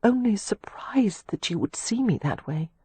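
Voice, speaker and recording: A woman's voice: medium pitch, lively intonation, a little slow, husky, no echo, voice pushed up. A woman voicing a timid, flustered young lady. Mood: timid embarrassed. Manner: breathless, embarrassed, speaking timidly.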